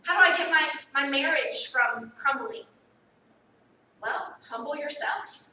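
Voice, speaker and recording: An American woman pastor preaching a sermon. She repeats phrases and swings from quiet asides to loud calls. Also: high-pitched, slow pace, distant mic, a little hiss or hum. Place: church sanctuary. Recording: roomy echo, voice from off the mic.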